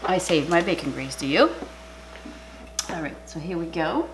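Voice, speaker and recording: A middle-aged woman with a Canadian accent, chatting excitedly through a cooking video at home and sometimes dropping to a whisper. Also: fairly low pitch, normal speed, pauses often. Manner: chatty and excitable, drops to a whisper over food. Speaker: cooking channel host. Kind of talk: casual cooking vlog chat. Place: home kitchen. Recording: noisy home recording.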